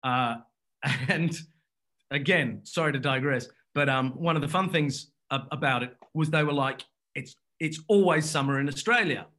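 A man's voice: fairly high pitch, sharp tone. A man chatting casually as a guest, rambling through a story with frequent restarts and laughs. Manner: rambling, self-interrupting, quick to laugh. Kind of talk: casual anecdotal chat.

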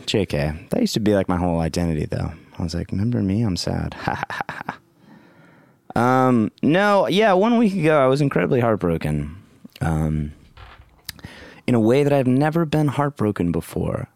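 A man's voice: medium pitch, sing-song, normal speed, darkish tone, no echo, clean studio sound. A man hosting a casual comedic podcast on his own, goofy and rambling, swearing freely and slipping into silly voices. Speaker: podcast host.

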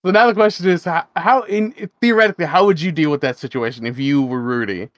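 A man co-hosting a casual podcast, who laughs often and cuts in with quick jokes. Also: a little high, no room sound. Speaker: podcast co-host. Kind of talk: casual chat.

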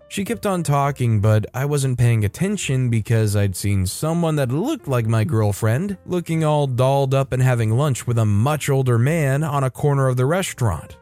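A man narrating a first-person story in an even storytelling manner, lightly voicing the dialogue. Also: medium pitch, normal speed, hardly any pauses, soft background music.

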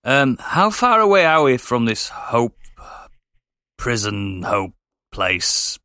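A man plays his character in a tabletop game, sardonic and exasperated. His voice is bright and forward. The sound is dry and close to the mic. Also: mid-range voice, big pitch swings, slow pace, dry recording. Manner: sarcastic, exasperated. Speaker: player.

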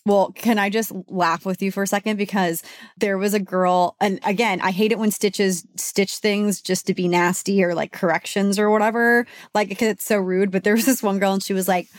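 A woman co-hosting a beauty podcast as a beauty editor, chatting casually in an animated way. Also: medium pitch, normal speed, dry recording, clean studio sound. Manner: chatty and animated, mimics others with exaggerated voices.

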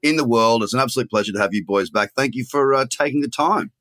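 A man's voice: medium pitch, quick pace, fairly bright tone. A man hosting a casual podcast interview, upbeat and joking. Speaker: podcast host.

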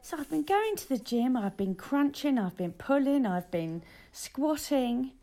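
A woman co-hosting a podcast, chatting excitedly and laughing often. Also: high-pitched, measured pace, slight background noise. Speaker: podcast co-host. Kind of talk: casual chat. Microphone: earphones in.

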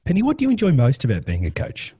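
A man's voice: fairly high pitch, huge pitch swings, quick pace, warm tone, slightly rough. A man hosting an interview who asks appreciative questions. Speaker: interviewer, host.

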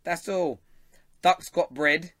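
A man's voice: fairly high pitch, slow, fairly bright tone, dry recording, clean studio sound. Laid-back London man hosting a football show. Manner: laughs often, banters with chat. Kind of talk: casual live-stream chat.

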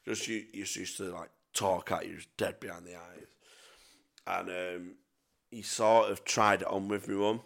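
A man's voice: low voice, fairly even intonation, a little slow, gravelly, a bit bright. A young man telling sweary, rambling stories in casual chat as a podcast co-host. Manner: sweary, rambling anecdotes with self-mocking laughs.

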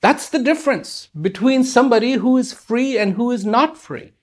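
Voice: medium pitch, normal speed. A speaker giving a reflective spiritual talk, using rhetorical questions and repetition for emphasis.

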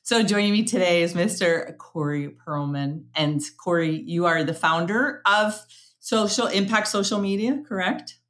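A woman's voice: lowish voice, normal speed, a bit bright. A woman hosting a podcast interview, chatty and upbeat, often restarting her sentences as she goes. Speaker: podcast host. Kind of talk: casual interview chat.

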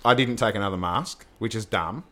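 A man's voice: on the low side, a little fast, fairly bright tone. A middle-aged man co-hosting a podcast, telling a story in casual chat, swearing often and laughing as he goes. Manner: swears often, laughs through his stories. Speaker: podcast co-host.

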